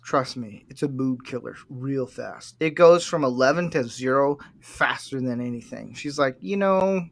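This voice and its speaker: A man's voice: medium pitch, normal speed, vocal fry. A man hosting a podcast, chatting casually and telling jokey stories, acting out what people said. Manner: jokey storyteller, acts out quotes. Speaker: podcast host. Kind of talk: casual chat.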